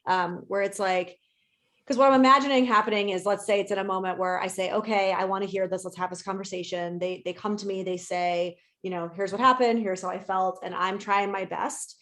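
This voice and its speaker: A woman co-hosting a podcast in casual chat. She is candid and swears freely. She gets animated when she makes a point. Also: mid-range voice, fairly quick. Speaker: podcast co-host and therapist.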